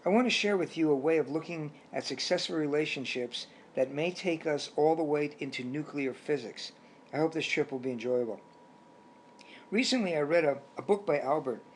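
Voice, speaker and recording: A man voicing a wise old male turtle mentor who speaks in a measured, questioning way in a storybook. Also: fairly high pitch, a little hiss or hum, natural voice. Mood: reflective.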